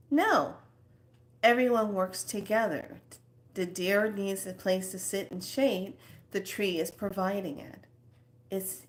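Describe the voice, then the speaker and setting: A woman talking in a casual, rambling spiritual monologue as host of her own channel, with soft asides now and then. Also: mid-range voice.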